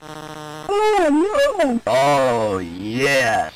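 A man's voice: a little high, sing-song, extremely slow, full character voice, poor audio. A synthesized male voice from a vintage computer game speech chip, buzzy and robotic. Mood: exclaiming. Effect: 1980s speech chip synthesis.

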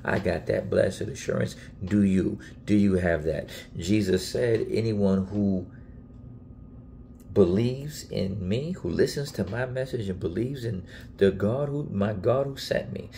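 A man's voice: on the low side, unhurried, vocal fry, warm tone, slight background noise. A man preaching in a casual Bible teaching video, earnest and emphatic, often repeating himself and restarting phrases.

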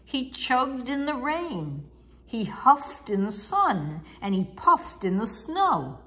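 Slow, expressive woman reading a storybook. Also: a little high. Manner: slow, expressive, sing-song. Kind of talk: storybook read-aloud.

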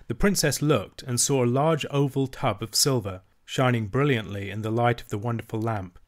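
A man narrating an old children's novel, his mid-pitched voice steady and measured. He reads at an even, deliberate pace, letting the long descriptive sentences unfold. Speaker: audiobook reader. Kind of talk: reading a classic children's novel aloud.

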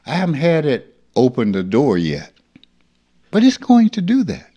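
A man in his seventies from rural Mississippi, giving an earnest, reflective spiritual talk as a teacher who sometimes drops to a near-hush. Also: medium pitch, wildly swooping pitch, moderate pace. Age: 70s.

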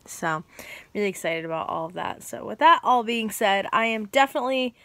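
A young woman talks straight to the camera in a casual vlog and swears without a second thought. Her voice sits at a middle pitch. The sound is close and dry, with no room echo. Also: animated, brisk, fairly bright tone. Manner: chatty and frank, swears freely. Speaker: vlogger. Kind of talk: casual chat.

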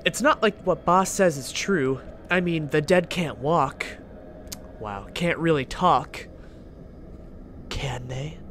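A man's voice: a little high, fairly bright tone. A young man commentating a horror game he is playing, joking around, swearing and yelping at the scares. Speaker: gaming channel host.

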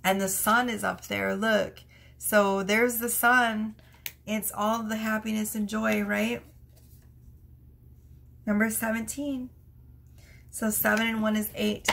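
A woman's voice: medium pitch, little pitch movement, takes it slowly, vocal fry, long pauses, fairly bright tone. Giggly chatty woman reading tarot. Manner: giggly, chatty, laughs through her words. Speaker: tarot reader.

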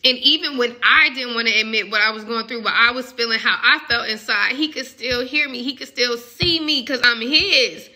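A woman's voice: fairly high pitch, normal speed, few pauses, bright, forceful tone. A young woman giving a casual, emotional spiritual message reading as a love coach. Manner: emotional, musing, conversational.

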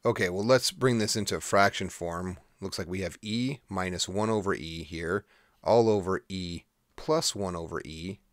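A man with a very low voice walks through math problems in a relaxed, conversational teaching style. The sound is dry and close, with no room echo. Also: moderate pace. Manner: casual, conversational explaining. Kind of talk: recorded math lesson.

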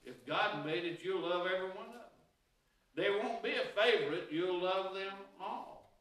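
A man preaches with a high, ringing, bright voice, telling folksy homespun stories between Scripture passages. The sound is heavily reverberant and set back from the microphone, as in a church sanctuary. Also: moderate pace. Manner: folksy storytelling with homespun anecdotes. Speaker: pastor. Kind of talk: sermon. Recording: very echoey room, voice heard from a distance.

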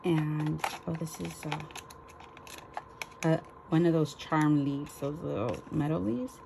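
Gushing woman with a gravelly voice. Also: low-pitched, takes it slowly, background noise. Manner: gushing, exclaims over each item. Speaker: crafting vlogger. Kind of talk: casual unboxing chat.

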